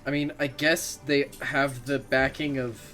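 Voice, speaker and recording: A man's voice: mid-range voice, level tone, a little slow, bright, forceful tone, soft background music. A man streaming a video game, chatting casually as he plays, rambling and swearing freely with self-mocking asides. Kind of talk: casual gameplay commentary.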